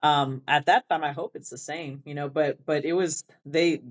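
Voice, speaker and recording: A woman band director with a South Texas Rio Grande Valley accent chats casually as an interview guest. Her deep voice keeps a fairly even intonation at a moderate pace. She rambles, restarts often, and laughs a lot.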